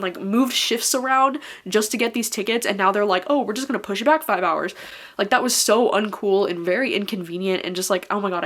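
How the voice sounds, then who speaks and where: A young woman talking casually to camera as a vlogger, chatty, swearing freely and saying "like" constantly. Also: medium pitch. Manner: chatty, swears a lot, many filler "likes".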